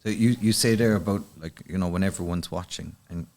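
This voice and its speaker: A man's voice: deep voice, fairly quick, darkish tone. A man hosting a podcast, asking his guest conversational questions. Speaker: podcast host. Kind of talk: casual interview.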